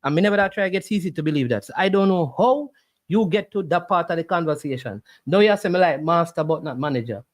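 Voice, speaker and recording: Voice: medium pitch, lively intonation, fast talker. A livestream host, arguing back at the chat with preachy rhetorical questions. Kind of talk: casual argumentative livestream talk.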